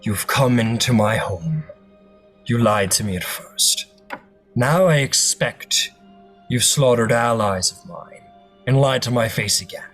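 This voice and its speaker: A man voicing a slow, menacing cloud giant lord. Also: mid-range voice, fairly bright tone, soft background music. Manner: slow, commanding and threatening. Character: huge suspicious male cloud giant lord.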